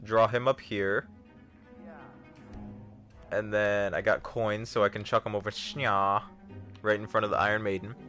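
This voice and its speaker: A man's voice: fairly low pitch, flat delivery, unhurried, pauses often, bright, forceful tone, faint music behind. Chatty male game streamer. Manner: chatty, joking, talks to chat. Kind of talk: casual gaming livestream commentary.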